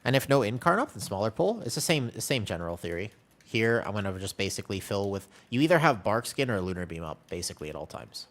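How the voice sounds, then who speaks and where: Chatty man, a bit low, explaining gameplay. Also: sing-song, fast talker, fairly bright tone. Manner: chatty, explains rotations while reading chat. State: sneezing and coughing from allergies. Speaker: streamer playing a tank. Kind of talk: live gameplay commentary.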